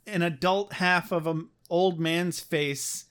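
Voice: mid-range voice, fairly even intonation, slow, fairly bright tone. A podcast co-host chatting casually about an episode, joking crudely and acting out characters' lines. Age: older. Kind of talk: casual recap chat.

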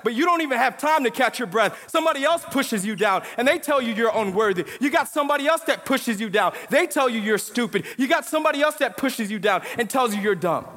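A man's voice: extremely high pitch, pushed and bright, in a large hall. A young man preaching as pastor, telling a story in casual slang and building to emphatic points. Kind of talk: sermon. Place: church sanctuary.

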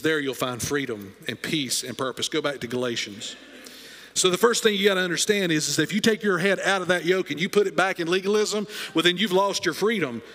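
A man's voice: fairly high pitch, a bit bright. A man preaching a sermon as pastor, emphatic and repeating key phrases, in a church sanctuary. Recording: long reverb of a church hall.

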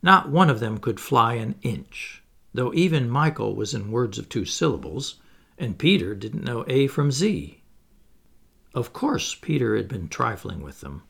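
A man reading a children's story aloud as narrator, in an expressive, playful way. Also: mid-range voice, unhurried, creaky, slightly rough. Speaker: audiobook reader.

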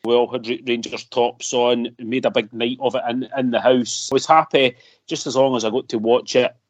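A man's voice: mid-range voice, fairly even intonation, normal speed. A man co-hosting a podcast, talking earnestly and at length with a hearty laugh. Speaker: podcast co-host. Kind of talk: casual chat.

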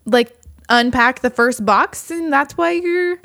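Her voice is high-pitched and creaky, and she takes her time. In studio-quality audio with no room sound, this young podcast co-host shares dating stories casually, performing both people's lines with plenty of "like".

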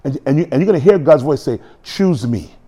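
A man preaching a sermon in a church, animated and joking, acting out quotes as he goes. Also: fairly high pitch, racing, slightly rough. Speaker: pastor.

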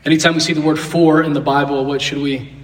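A man's voice: fairly high pitch, little pitch movement, fast. A man leading an interactive Bible lesson, asking the class questions and repeating key phrases. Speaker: Bible teacher. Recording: roomy echo, distant mic.

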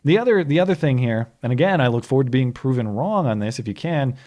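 Measured man co-hosting a political podcast. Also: mid-range voice, animated, darkish tone. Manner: measured, hedging, invites being proven wrong. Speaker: podcast co-host. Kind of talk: casual political chat.

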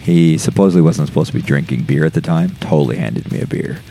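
A man's voice: extremely low pitch, fast talker, gravelly, dark tone, faint music behind. A young man, a guest on a podcast, telling a rambling, profane story with many fillers. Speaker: podcast guest, metal musician. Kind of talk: casual storytelling.

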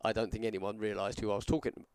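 A wrestler co-hosting a podcast tells long, rambling stories in casual chat, getting animated whenever he quotes other people. His voice is lowish and fast, with no room sound.

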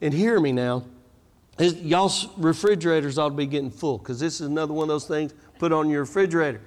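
A man's voice: fairly high pitch, a little fast. A man preaching a sermon, telling stories with animation and drawing out his emphatic declarations. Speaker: guest preacher. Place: church sanctuary. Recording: church hall reverb.

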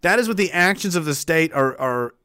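A man's voice: fairly high pitch, expressive, brisk, bright, forceful tone, clear, resonant tone, no echo, studio quality. A man talking politics in a rambling, profane way, laughing often. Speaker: commentator. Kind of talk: political commentary vlog.

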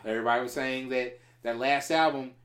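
A man hosts a relaxed group conversation in an ordinary, mid-pitched voice. He keeps things moving, wrapping up one topic and steering to the next in an easy, chatty way. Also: fairly quick. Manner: steers the talk, wraps up topics. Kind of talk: casual group chat.

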